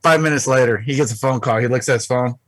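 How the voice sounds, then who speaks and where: A male podcast co-host with a crude, animated way of telling stories. His voice sits at an average pitch and sounds dry and close, with no room echo. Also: fast. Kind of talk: casual storytelling chat.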